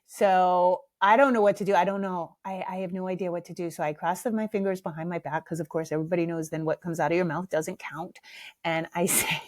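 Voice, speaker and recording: A middle-aged woman tells a funny family story on her podcast. She talks casually, animated and self-mocking, and swears without a second thought. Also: fairly low pitch, a little fast. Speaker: podcast host.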